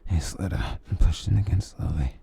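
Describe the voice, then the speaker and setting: Brief: man, whispered role-play storyteller, very dark and breathy voice. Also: low voice. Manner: slow, soft, intimate reading. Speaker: ASMR storyteller.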